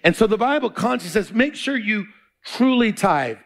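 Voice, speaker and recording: A man's voice: high voice, big pitch swings, moderate pace, gravelly. A male pastor preaching a sermon, quizzing the congregation in call-and-response.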